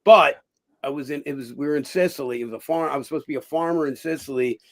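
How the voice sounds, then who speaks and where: A man's voice: on the high side, fast talker, a bit bright. A middle-aged man, an actor and former boxer, chatting as an interview guest, rambling through stories with lots of fillers and restarts and casual swearing.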